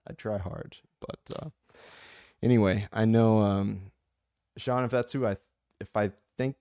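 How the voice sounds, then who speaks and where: A man with a low, gravelly voice chats straight into the mic, dark in tone and dry in sound. He drifts between passionate rants and joking asides while reading comments from his listeners. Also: unhurried, no echo. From United States. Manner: impassioned, rambling, jokey. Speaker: audiobook narrator and channel host. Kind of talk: casual chat reading comments.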